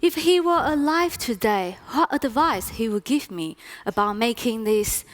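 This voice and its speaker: A woman's voice: fairly high pitch, lively intonation, a little slow. A woman in her thirties telling a reflective story in a stage talk. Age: 30s.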